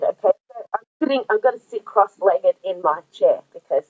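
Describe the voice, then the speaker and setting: A woman's voice: medium pitch, expressive, moderate pace, dry recording. An Australian woman in her forties chatting casually about crafts, rambling and gushing with many ums and restarts. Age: 40s. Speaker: craft vlogger. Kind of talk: casual show-and-tell chat. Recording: dry tinny phone-like audio.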